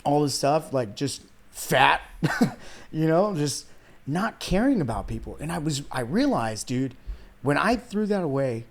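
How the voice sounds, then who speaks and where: This Iranian weight loss coach in his thirties, a guest on a podcast, speaks with a slightly high, sing-song voice at an unhurried pace. Recounting his life in a casual, earnest, heartfelt interview, he addresses the host as "man" and "dude" and at moments comes close to tears.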